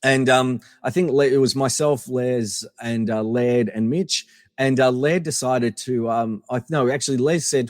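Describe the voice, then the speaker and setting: A man's voice: mid-range voice, unhurried, no room sound, clean studio sound, long reverb tail. Chatty Australian man telling stories. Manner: animated anecdotes with many fillers and restarts. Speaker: podcast guest. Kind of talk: casual storytelling interview.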